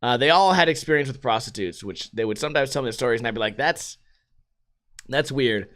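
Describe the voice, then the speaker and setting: A man's voice: mid-range voice, lively intonation, racing, a bit bright. A young man from the United States hosting a casual solo podcast, telling stories with frequent swearing and laughter. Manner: profane, laughing storyteller. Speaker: podcast host.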